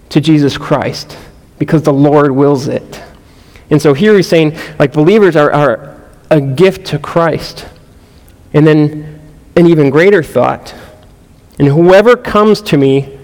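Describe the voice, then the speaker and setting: A man's voice: fairly high pitch, a little mellow. A man teaching a verse-by-verse sermon to a group, earnest, often repeating words and asking the room questions. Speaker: pastor or Bible study teacher. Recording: long reverb in a large room.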